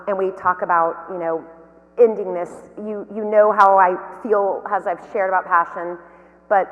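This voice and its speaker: A woman with a drawl delivers a motivational keynote, her voice sitting at a middle pitch. She tells stories with lively, anecdotal energy. Her words ring out with the long reverb of a large hall. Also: phone-quality sound. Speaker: keynote speaker and company founder.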